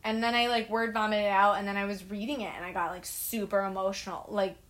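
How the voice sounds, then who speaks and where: Young woman, earnest, emotional, self-deprecating, video call from home, middle pitch. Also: fairly even intonation, fast, fairly bright tone. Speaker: guest, writer and director. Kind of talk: casual video-call chat.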